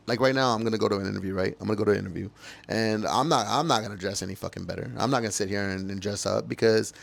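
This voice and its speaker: A man's voice: lowish voice, rapid-fire, creaky. A man, ranting heatedly and emotionally about his own experiences, cursing and repeating himself. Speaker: podcast host. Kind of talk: heated personal monologue.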